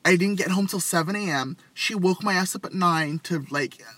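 A young man telling stories in casual chat, animated, with loud acted quotes. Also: high voice, normal speed, dry recording. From Vietnamese family background.

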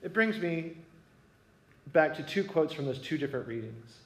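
A man's voice: fairly high pitch, expressive, moderate pace. Man telling a story in an echoey room. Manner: conversational, asks listeners if it makes sense. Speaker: speaker sharing a reflection. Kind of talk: personal reflection to a gathering. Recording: echoey room with faint ambience.

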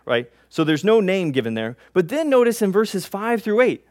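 A man preaches on a scripture passage in a teaching manner, unpacking each word and asking his listeners "right?" as he goes. His voice sits a little higher than most men's. The sound is close and dry, with no room echo. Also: very animated, normal speed, few pauses. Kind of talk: expository sermon.

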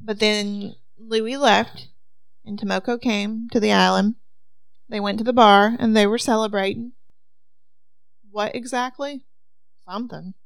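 Woman teacher, gravelly, dry close sound, chatty and questioning. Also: medium pitch, fairly even intonation, unhurried, pauses often, no echo. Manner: questioning, thinks aloud with fillers. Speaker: teacher playing a mystery game. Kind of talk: casual group chat.

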